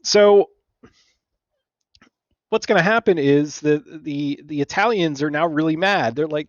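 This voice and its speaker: A man gives a relaxed history lecture, chatting his way through the story and slipping into quick voices for the people in it. His audio is dull and slightly lo-fi, in a dry space with no room echo. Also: on the high side. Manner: conversational, acts out figures in quick asides, many "right?" checks. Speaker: teacher.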